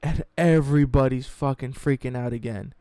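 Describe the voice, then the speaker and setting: Gravelly, profane sports storyteller man. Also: medium pitch, moderate pace, no echo, studio quality. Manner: profane, animated, mocking. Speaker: sports YouTuber.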